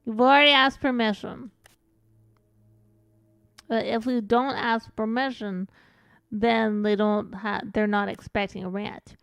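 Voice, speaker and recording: A woman's voice: fairly high pitch, steady tone, unhurried, creaky, pauses often, a bit bright, smooth, dry recording. A woman streaming a game and chatting casually, rambling along with frequent giggles and calling herself by her own nickname. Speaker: VTuber streamer.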